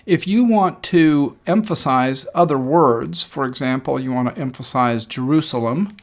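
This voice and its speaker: Guy walking through a lesson, gravelly voice, calm and explanatory, lots of uhs. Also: mid-range voice. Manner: measured, explanatory, with frequent ums and uhs. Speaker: instructor. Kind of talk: screen-recorded lecture.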